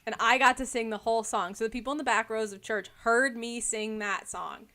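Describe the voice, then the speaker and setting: Chatty young woman, high voice. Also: brisk. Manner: chatty, many "like" fillers, lively storytelling. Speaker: podcast co-host. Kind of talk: casual chat.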